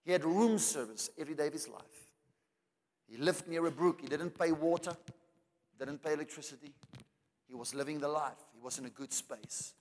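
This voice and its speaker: Male pastor preaching, slightly high voice, big dramatic swings, long church echo. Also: moderate pace. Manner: dramatic preaching with rising shouts and soft drops. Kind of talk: sermon. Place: church hall. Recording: long hall reverb.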